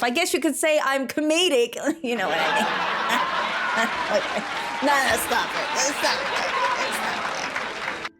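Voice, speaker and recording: A woman's voice: high-pitched, noisy background. A woman streamer chatting casually with her viewers, playful and jokey, giggling at her own jokes. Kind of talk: casual live-stream chat.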